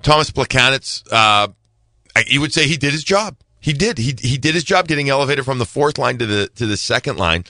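A man's voice: mid-range voice, pushed and bright, no room sound. A man giving hockey analysis on a podcast, emphatic and repeating himself to stress a point. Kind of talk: podcast sports talk.

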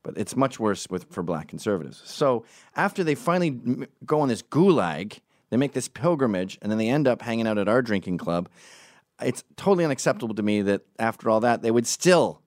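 In a clean, echo-free studio recording, a man with a lowish voice tells stories at a brisk clip. The monologue is casual and rambling, profane and tangent-prone, and he livens it up by performing the voices of those he quotes.

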